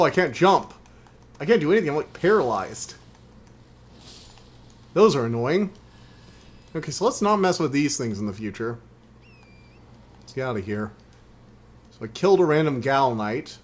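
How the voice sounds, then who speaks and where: Chatty man commentating a game stream. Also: medium pitch. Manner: chatty, wry, exasperated outbursts.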